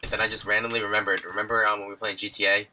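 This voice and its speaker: A man's voice: fairly low pitch, flat delivery, rapid-fire, bright, forceful tone. A man hosting a gaming channel, chatting casually with friends as they play, laughing a lot and swearing freely. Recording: clear background noise.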